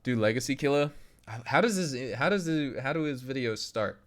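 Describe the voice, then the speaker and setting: Young male streamer, easygoing and chatty, reads chat aloud, mid-pitched. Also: expressive, moderate pace, a bit bright. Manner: loose, laughing, reads chat aloud and tries impressions. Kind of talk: casual live-stream chat.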